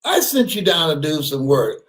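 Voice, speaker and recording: A man voicing a dry-humored, unimpressed God who calmly judges a speaker's excuses. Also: fairly high pitch, normal speed. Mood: deadpan stern.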